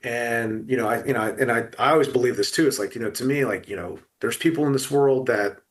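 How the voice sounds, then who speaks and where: A middle-aged man talking about loss in an emotional podcast conversation, full of restarts and fillers. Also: medium pitch. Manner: halting, many restarts and fillers. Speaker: guest.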